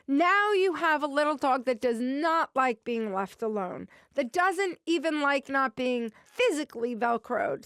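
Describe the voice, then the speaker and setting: A woman's voice: high voice, fairly bright tone, no echo, clean studio sound. A woman dog trainer hosting a podcast, explaining in a patient, instructive way and giving advice to listeners.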